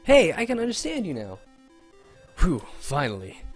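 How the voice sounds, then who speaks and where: A man voicing a bewildered young male video game hero, excited and full of questions. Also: a little high, normal speed, slightly rough, soft background music, pitched above the performer's own voice.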